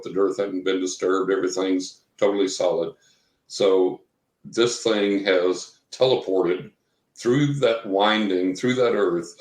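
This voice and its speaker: Male interview guest, low-ish voice, loose storyteller, roomy echo. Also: a little mellow. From Texas. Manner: rambling storyteller, acts out quotes. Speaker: guest, professional psychic reader. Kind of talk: telling a personal story in an interview.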